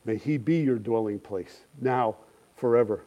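Man, pastor, sermon, mellow warm tone, earnest and measured, phrase ends drop soft. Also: mid-range voice, muffled recording.

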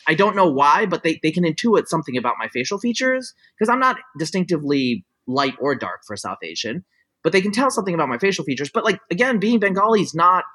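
Over poor audio, a middle-aged man speaks in a high, bright, forceful voice with a slight roughness. He's in a casual conversation, opinionatedly explaining his views through long looping sentences, restarts and plenty of "like" and "you know."

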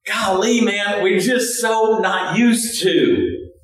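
A man preaching a sermon as pastor, animated, with shouted bursts and laughing asides. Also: high voice, takes it slowly. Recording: echoey hall from far off.

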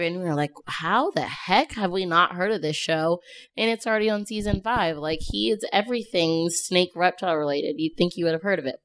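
A woman co-hosting a casual podcast, chatty and rambling, laughing often. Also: medium pitch. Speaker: podcast co-host. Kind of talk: casual chat.

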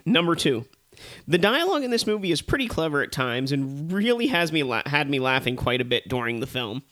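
A man co-hosting a casual movie review chat, ranting with animated, profane exasperation. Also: a little high, a little fast.

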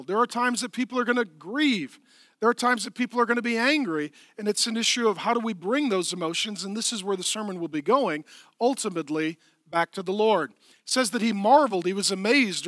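Male pastor, sermon delivery, high and bright, dry close sound, emphatic with soft hushed passages. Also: lively intonation, brisk, dry recording. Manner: emphatic preaching, drops to soft sighing hush.

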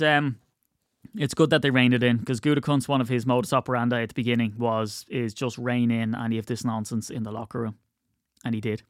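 Male podcast host, casual solo commentary, opinionated and wry, middle pitch, dry close sound. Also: fairly bright tone, dry recording. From United Kingdom. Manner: chatty, opinionated, wry asides.

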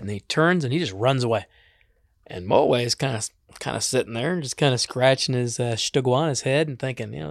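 A man's voice: on the high side, lively intonation, moderate pace, creaky, dry recording, studio quality. A man telling a traditional animal tale in a casual, folksy way, mixing in native words. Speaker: storyteller. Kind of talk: oral storytelling with native words.

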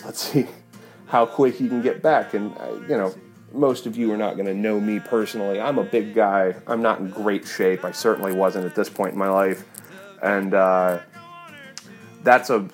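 A man, a touring fiddle player, animatedly retelling a story with lots of fillers. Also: lowish voice. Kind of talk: casual storytelling.

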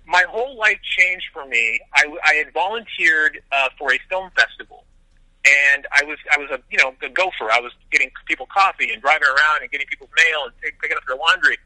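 A man from Las Vegas, a film director, telling his story as an interview guest in an animated way, often restarting his sentences. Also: on the high side, a little fast, no room sound, low-quality recording. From Las Vegas, USA.

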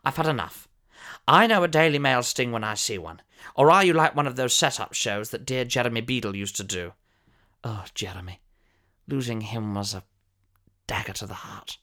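A man doing a grandiose old male soap actor, theatrical, lively swooping pitch. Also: normal speed. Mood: pompous. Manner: theatrical, fussy, over-elaborate storytelling. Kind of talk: comic character monologue.

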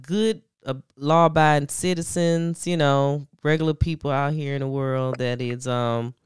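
A woman's voice: low voice, fairly even intonation, moderate pace, clean tone, no room sound, clean studio sound. A woman hosting a podcast in a casual, laid-back chat, slangy and full of fillers. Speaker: podcast host.

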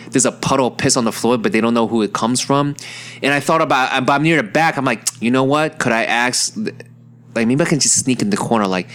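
A young man telling a personal story in a rambling, profane, excitable way, with plenty of fillers. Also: mid-range voice. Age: young adult. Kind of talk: casual storytelling.

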